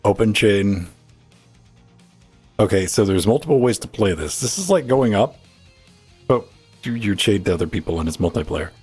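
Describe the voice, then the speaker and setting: A man's voice: fairly low pitch, animated, moderate pace, pauses often, a little mellow, breathy edge, soft background music. A man co-hosting a live gaming podcast, chatting in an offhand, distracted way while setting up a game. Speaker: podcast co-host. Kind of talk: casual live gaming chat.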